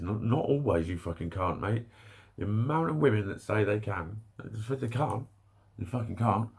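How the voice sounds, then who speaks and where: A man's voice: lowish voice, animated, normal speed, vocal fry, darkish tone, slightly rough. A young English man delivering a sweary, exasperated rant to camera, breaking off to laugh between points. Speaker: vlogger. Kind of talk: ranting monologue.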